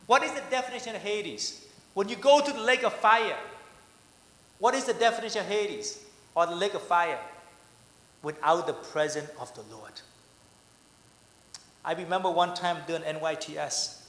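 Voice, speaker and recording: A man's voice: sits high, moderate pace, pauses often, a bit bright. A man preaching a sermon as pastor, asking his listeners questions and answering them himself. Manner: dynamic preaching, asks the congregation questions. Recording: echoey church hall.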